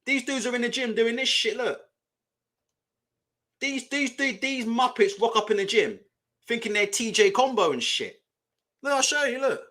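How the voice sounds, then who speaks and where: A young man riffs on a live boxing chat, blunt and foul-mouthed, breaking into laughter. His voice sits high and bright, and his pitch swings widely as he talks. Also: expressive, normal speed, pauses often. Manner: blunt, swearing, laughs a lot while ranting. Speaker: boxing channel host. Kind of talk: casual live-stream chat.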